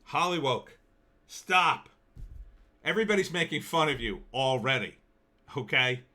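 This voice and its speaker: A man ranting through an opinion commentary in a bright, forceful voice. He sounds exasperated and sarcastic throughout, with sudden loud outbursts. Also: mid-range voice, expressive, normal speed. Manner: exasperated, sarcastic, shouting bursts. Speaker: commentary vlogger.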